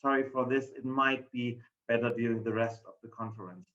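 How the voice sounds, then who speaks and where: A man's voice: medium pitch, fairly even intonation, brisk, fairly bright tone, roomy sound, lo-fi sound. A man with a German accent, a professor giving a formal, polite conference presentation. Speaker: professor and lead researcher presenting.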